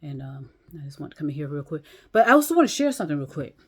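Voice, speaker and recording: A woman with a slightly low voice talks casually to her viewers from a chair at home. She rambles through many restarts and fillers. She swears bluntly as she talks. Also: very animated, rapid-fire, breathy edge. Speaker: vlogger. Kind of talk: casual monologue to camera. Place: small room at home, in a chair.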